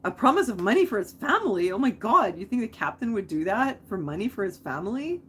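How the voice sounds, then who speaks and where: A woman's voice: mid-range voice, very animated, fast, a bit bright, a little hiss or hum. A young woman hosting a live stream, chatting casually, rambling off on tangents and answering viewer comments.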